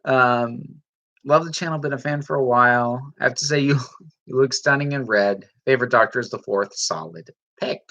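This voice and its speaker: A woman's voice: extremely low pitch, moderate pace, fairly bright tone, highs cut off. A woman hosting a livestream, chatting casually and reading out viewer comments, rambling with frequent restarts. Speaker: livestream host reading chat. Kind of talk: casual chat.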